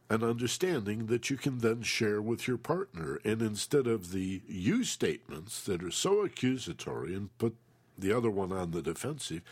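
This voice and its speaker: Co-host: man, very low husky voice, lively pitch, emphatic advice-giver. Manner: slow, emphatic, acts out quoted feelings. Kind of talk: relationship advice talk.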